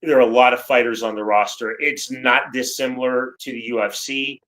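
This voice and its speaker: A man's voice: mid-range voice, fairly even intonation, normal speed, fairly bright tone, poor audio. A man who commentates fights, speaking as a guest in a casual interview, emphatic and articulate.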